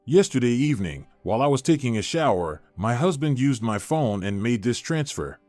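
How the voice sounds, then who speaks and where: A man reading a calm, firm betrayed wife. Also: medium pitch, normal speed, dry recording, soft background music, close to an everyday voice.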